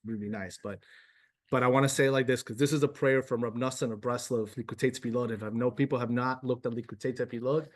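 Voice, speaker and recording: A man's voice: mid-range voice, fast talker. A man teaching a religious class to a live and online group, casual and emotional, talking straight to his students. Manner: animated, emotional, addresses class directly. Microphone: live class also streamed to video call.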